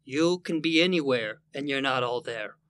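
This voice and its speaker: An actor playing an exasperated, sarcastic boss in a 1940s radio sitcom, with a blustering delivery. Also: male voice, mid-range voice, normal speed, a bit bright, clean tone, lightly acted. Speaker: law office boss.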